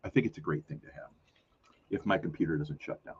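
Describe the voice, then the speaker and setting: Speaking fast in a very deep voice, a man hosting a weekly live community show rambles casually on stream, correcting himself and filling pauses often. The audio is missing its highs and has a little hiss or hum.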